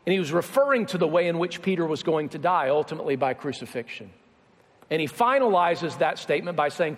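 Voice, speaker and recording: A man's voice: sits high, expressive, brisk, in a large hall. A man preaching a sermon in a conversational way, acting out the lines of Bible characters as he retells the story. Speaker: pastor.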